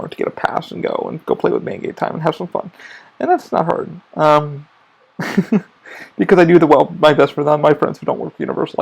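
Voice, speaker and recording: A man with a rough, crackling fry in a voice that sits a little high hosts his own podcast. He rambles loosely about theme park work, dropping curses and restarting his sentences as he goes. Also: darkish tone. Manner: profane, rambling, restarts often. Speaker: podcast host. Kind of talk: rambling casual monologue.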